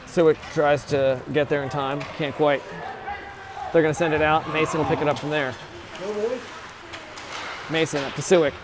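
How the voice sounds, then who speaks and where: A man with a slightly high voice calls a youth hockey game at an ice rink as an amateur play-by-play commentator. He keeps it casual and chatty, frequently fixing player names, with plenty of noise in the background.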